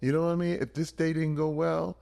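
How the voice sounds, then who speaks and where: A man in his fifties from Michigan, a podcast guest telling his life story in an earnest, animated way with big swings in energy. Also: on the high side, fairly quick, creaky. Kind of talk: emotional personal storytelling.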